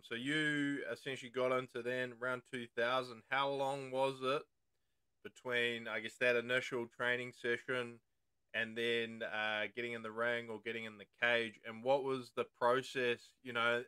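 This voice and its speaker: Male interviewer, bright and crisp, flat even delivery, enthusiastic questions. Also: mid-range voice, moderate pace, no echo. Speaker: podcast host.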